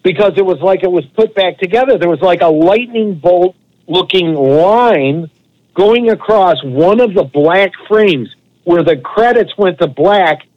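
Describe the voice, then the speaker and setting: A man co-hosting a podcast, telling a long, animated, profane anecdote in a casual way. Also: high-pitched, a little slow, dull audio. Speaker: podcast co-host. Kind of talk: casual storytelling.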